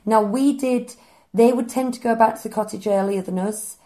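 A woman's voice: on the high side, moderate pace, dark tone. A woman co-hosting a podcast, telling stories in a chatty, enthusiastic way. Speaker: podcast co-host. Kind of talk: casual chat.

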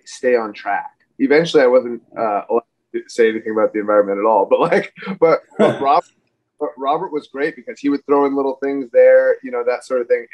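Rambling man on dull lo-fi audio. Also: medium pitch. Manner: rambling, full of fillers and restarts. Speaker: podcast guest, wrestler. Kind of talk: casual interview chat.

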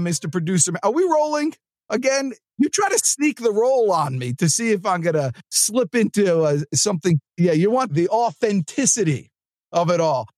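A man hosting a sales podcast, talking in an energetic, rambling, chatty way with asides to his producer. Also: sits high, no echo, clean studio sound. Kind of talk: casual motivational monologue. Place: studio.

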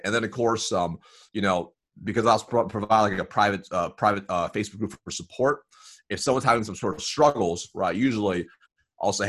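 Energetic man coaching on sales calls. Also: lowish voice. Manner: energetic, lots of "right?" and "you know". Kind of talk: conversational podcast interview.

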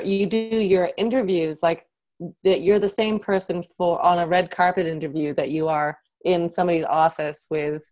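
A woman with a slightly low voice hosts a conversational interview. She asks thoughtful, gently probing questions at an easy pace.

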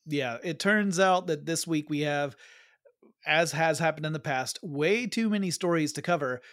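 A man co-hosting a geeky podcast in casual, jokey chat with quick asides. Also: fairly high pitch, a bit bright, no echo, studio quality. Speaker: podcast co-host.

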